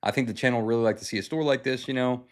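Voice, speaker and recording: A young man from the United States hosting a livestream, telling a story in a casual, animated way, full of fillers, acted-out quotes and swearing. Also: mid-range voice, racing. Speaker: livestream host.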